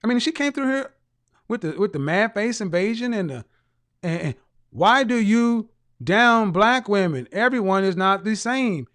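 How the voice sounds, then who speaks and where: A man's voice: high-pitched, animated, moderate pace, fairly bright tone. A man hosting a live stream, reading viewer comments aloud and mocking them with teasing rhetorical questions and bursts of laughter.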